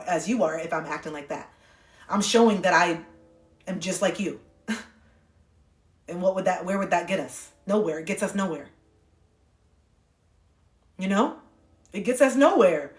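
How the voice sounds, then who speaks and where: On a phone livestream, a woman delivers a candid, heartfelt monologue, swearing casually as she goes. Her voice sits fairly low and runs a little fast, broken by long pauses, and the audio sounds roomy.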